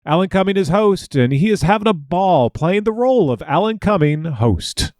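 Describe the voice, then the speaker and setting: Give a bright, animated read, slightly higher than a typical man, as the podcast host narrating a polished scripted intro. Keep the mic close and dry, with no room sound. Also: moderate pace, no echo. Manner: smooth, even-paced introduction of the show and guest.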